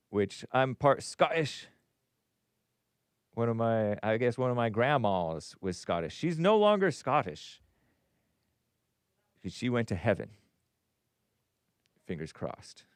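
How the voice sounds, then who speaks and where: Smooth-voiced man hosting a rambling call-in show. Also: medium pitch, expressive, measured pace, long pauses, no echo, clean studio sound. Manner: rambling, jokey, laughs at his own asides. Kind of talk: casual live-stream chat, reading viewer messages.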